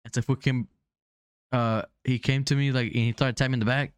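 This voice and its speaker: A man at a middle pitch, animated as he tells a story about a stranger at the gym. He drops bits of Spanish slang into his English, and the room sounds dry. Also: moderate pace, clean tone, no room sound. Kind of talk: casual chat.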